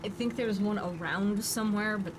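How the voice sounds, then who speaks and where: A woman's voice: mid-range voice, normal speed, noisy background. A woman in her thirties streaming a building game, chatting casually and thinking aloud with playful asides. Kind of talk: casual gameplay commentary.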